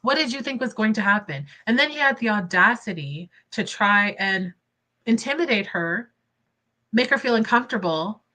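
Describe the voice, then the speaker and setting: Young woman doing livestream commentary, bright voice, gets all fired up and laughs a lot. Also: medium pitch. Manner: expressive, laughs often, indignant asides. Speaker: commentary channel host.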